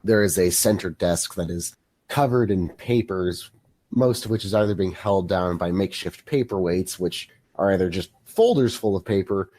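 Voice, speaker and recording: A man narrating a tabletop game as game master, descriptive and measured. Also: deep voice, a little mellow, no room sound.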